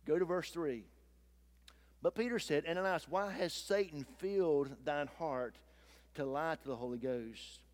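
A man delivers a Sunday sermon from the pulpit. His voice sits a touch higher than most men's, and his preaching is folksy and animated. He slips in little acted-out quotes as he goes. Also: unhurried. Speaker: pastor.

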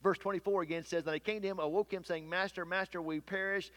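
A man preaching a sermon, swinging between loud emphatic peaks and hushed low asides, and reading scripture aloud. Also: steady tone, fast talker. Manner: reads scripture aloud in King James wording.

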